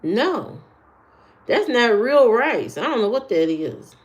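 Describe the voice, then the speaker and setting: Brief: woman streamer, sassy and unhurried, talks back at trolls in chat. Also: a little high, big pitch swings, muffled recording. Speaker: live streamer. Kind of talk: casual live-stream chat answering comments.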